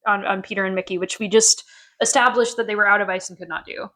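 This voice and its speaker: A woman co-hosting a podcast, recapping a TV episode in casual chat, animated and quick to laugh as she acts out quotes. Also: mid-range voice, poor audio. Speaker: podcast co-host.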